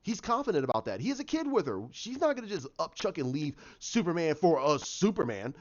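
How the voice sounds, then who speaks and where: A man with a slightly high voice rants through a casual show review. He is animated, swears and acts out the characters' lines as he goes. The recording sounds dull and lo-fi. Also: a little fast, few pauses.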